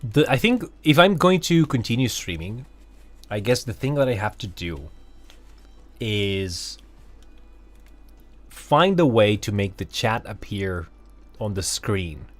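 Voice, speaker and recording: A man's voice: fairly low pitch, sing-song, slow pace, long pauses, dry recording, faint music behind. A man streaming a game, chatting casually with viewers and thinking aloud, rambling with fillers. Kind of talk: casual live-stream chat while gaming.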